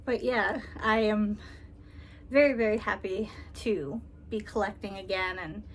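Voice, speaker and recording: A woman vlogger talking casually and tenderly, with frequent ums and soft laughs, near tears. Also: medium pitch, a little slow, slight background noise. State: emotional, holding back tears. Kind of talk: casual personal vlog.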